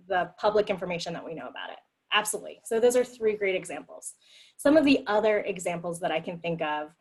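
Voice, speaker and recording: A woman's voice: fairly low pitch, rough recording. A woman leading a group discussion on empathy over a video call, upbeat and acting out quoted replies in a livelier voice. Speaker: meeting facilitator.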